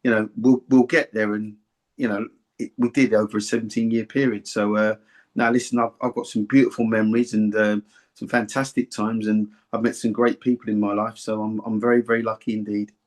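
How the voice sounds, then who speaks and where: An older man, a former boxer, telling rambling, warm-hearted anecdotes in an interview and often repeating himself. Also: fairly low pitch, level tone, a little fast. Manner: rambling, anecdotal, repeats words and "do you see what I mean". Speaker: former boxer and boxing pundit. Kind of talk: reminiscing interview chat.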